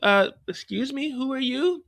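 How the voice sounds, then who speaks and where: Imagine a man putting on a startled woman at her front door, high-pitched and flustered, stammering out suspicious questions. The sound is bright and dry. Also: lively intonation, a little slow, vocal fry, dry recording, full character voice.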